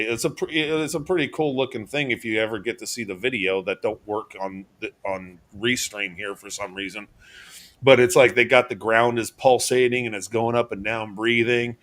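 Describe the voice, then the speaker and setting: A man's voice: mid-range voice, a bit bright. A man in his fifties co-hosting a casual comedy show, often stammering and restarting his sentences. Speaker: co-host.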